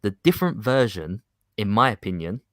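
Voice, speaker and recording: A man's voice: lowish voice, normal speed, no room sound, clean studio sound. A man on a video call, chatting eagerly on a geek news panel. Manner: excitable, enthusiastic, restarts often. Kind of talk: casual chat.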